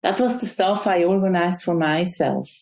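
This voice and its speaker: Woman guest talking things through slowly, restarts a lot, roomy echo on her voice. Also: on the low side, expressive, a little mellow. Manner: reflective, with frequent restarts and non-native phrasing. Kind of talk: conversational interview.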